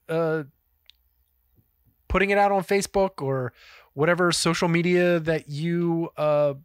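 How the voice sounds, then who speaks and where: A man's voice: fairly high pitch, no echo, studio quality. A man co-hosting a cooking podcast, chatting loosely with rambling asides and swearing. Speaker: podcast co-host. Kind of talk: casual chat.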